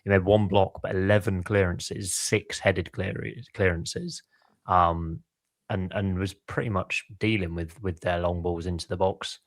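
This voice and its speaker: A man's voice: low-pitched, steady tone, measured pace, dry recording. A man with an English accent co-hosting a football podcast, breaking down the match and quoting stats. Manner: analytical, cites stats, thinks aloud. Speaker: podcast co-host. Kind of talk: casual football chat.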